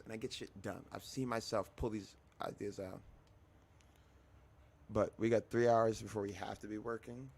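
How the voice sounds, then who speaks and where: A man's voice: on the low side, steady tone, moderate pace, gravelly, a little mellow. Scratchy-voiced man rambling on a livestream. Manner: rambling, talking to himself while fiddling with settings. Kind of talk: casual livestream chat.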